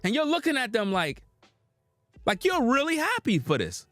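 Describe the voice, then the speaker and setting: A man delivering street-style preaching commentary in an emphatic, slangy way with drawn-out dramatic pauses. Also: extremely high pitch, wildly swooping pitch, fairly bright tone, no room sound, soft background music.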